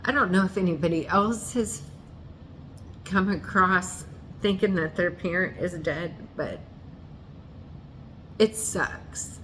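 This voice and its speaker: A woman with a low, deep voice tells a painful personal story, unhurried and deliberate. She speaks earnestly and haltingly, often stopping to restart or correct herself. A faint hiss sits under her voice. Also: fairly bright tone. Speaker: vlogger telling a personal story.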